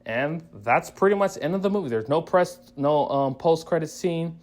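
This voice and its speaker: A man's voice: fairly high pitch, moderate pace. A man giving a casual spoiler review of a movie, rambling through the plot with frequent restarts and acting out quoted lines. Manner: laughs and acts out quoted lines.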